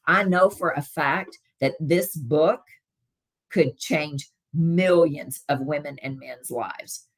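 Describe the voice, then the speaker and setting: Casting: middle-aged Southern woman, low voice, chatty live-stream host answering comments. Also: takes it slowly. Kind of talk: casual live-stream chat with viewers.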